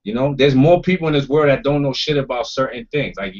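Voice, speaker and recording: Speaking a little fast at a medium pitch, a man hosts a casual roundtable podcast. He's blunt, emphatic and swears freely, and the audio is dull and lo-fi.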